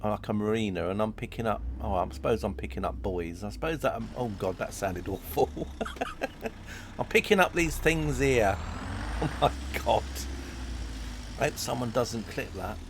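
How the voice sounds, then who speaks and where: A man talks through a game on a live stream, his low voice gravelly and full of fry. He rambles, chats easily with his viewers and keeps giggling at his own jokes. A faint hum of noise sits behind him. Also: normal speed. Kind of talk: live-streamed gameplay chat.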